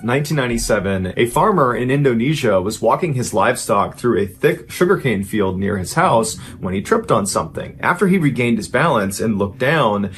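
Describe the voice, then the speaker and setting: A man in his thirties narrating a true horror story for a podcast. He builds tension, and his pitch climbs at the frightening moments. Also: a little hiss or hum.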